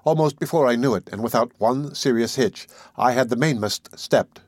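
Man reading a novel in a measured way. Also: medium pitch, no echo, clean studio sound. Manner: measured, dramatic first-person reading. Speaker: narrator. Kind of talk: audiobook narration.

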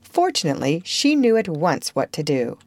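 A woman reading a children's storybook aloud with an expressive delivery. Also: deep voice, moderate pace, dry recording. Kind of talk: storybook narration.

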